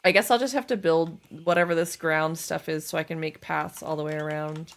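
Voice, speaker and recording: A woman's voice: deep voice, fairly even intonation, fairly quick. Chatty woman streaming a game. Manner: chatty, self-deprecating, laughs often. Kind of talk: casual gaming livestream chat.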